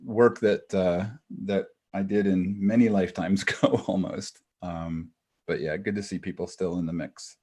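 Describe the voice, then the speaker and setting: A relaxed middle-aged man welcomes people by name before a webinar starts. His voice sits low and a little husky, heard over a video call. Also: normal speed. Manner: relaxed, chatty, greets attendees by name. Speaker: webinar co-host. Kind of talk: casual greetings before a webinar.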